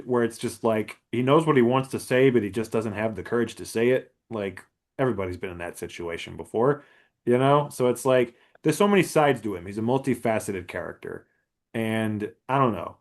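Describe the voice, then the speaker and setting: Guy co-hosting a podcast, rambly, lots of you-knows, middle pitch. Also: lively intonation, brisk. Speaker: podcast co-host. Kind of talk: casual film discussion. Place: podcast studio.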